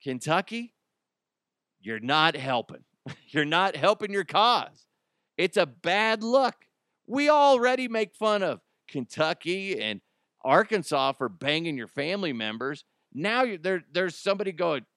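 A man's voice: high-pitched, a little slow, no echo, studio quality. A man hosting a podcast, riffing in a casual, mocking monologue and often laughing. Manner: animated, laughing, mocking asides. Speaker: podcast host.

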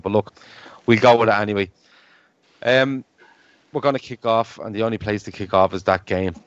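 A man's voice: fairly low pitch, a bit bright, smooth, no echo. A man hosting a casual football podcast with his mates, swearing freely and teasing the others. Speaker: podcast host. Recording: dull, dry lo-fi sound.

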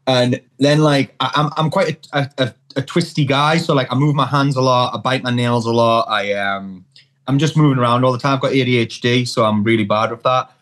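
A Geordie man in his thirties chats as a podcast guest. His stories ramble, with repeated words and casual swearing. His voice sits at a middling pitch. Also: fairly even intonation, brisk, fairly bright tone. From England. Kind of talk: casual chat.

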